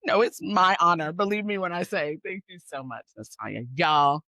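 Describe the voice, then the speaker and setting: This podcast host and coach has a lowish voice and talks at normal speed, recorded dry. Warm and gushing, she sounds excited and emotional in her upbeat chat, calling out to listeners as "y'all" and "squad."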